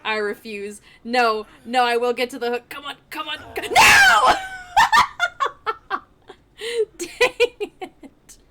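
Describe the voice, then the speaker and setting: A woman streamer commenting live on her gameplay in an excitable, playful way, laughing often and trash-talking the other players. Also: fairly high pitch, normal speed, raised voice, heavy background noise.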